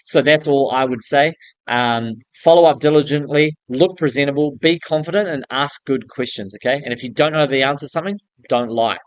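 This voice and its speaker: A man talks straight to the camera like a coach, direct and casual with some slang, often tagging points with "okay?". His voice sits at an ordinary middle pitch and sounds close and dry. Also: fairly quick, dry recording. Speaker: building contractor coaching newcomers. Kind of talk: casual advice vlog.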